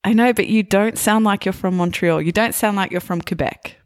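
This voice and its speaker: A woman from Australia with a toned-down Australian accent, an English teacher who interviews a guest and explains words slowly and carefully. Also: medium pitch, no room sound, studio quality. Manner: slow, explaining carefully with pauses. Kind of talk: casual interview chat.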